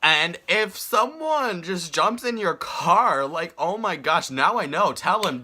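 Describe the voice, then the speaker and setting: A young man telling a story on his vlog in an animated, exasperated way. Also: sits high, measured pace, hardly any pauses. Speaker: vlogger.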